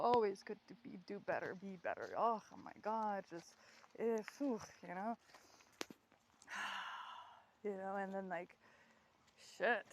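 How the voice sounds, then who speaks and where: A woman's voice: medium pitch, slight background noise, rough recording. A woman speaking her thoughts aloud in a candid spoken audio diary, rambling, swearing often and laughing as she goes. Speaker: vlogger. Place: outdoors on a walk.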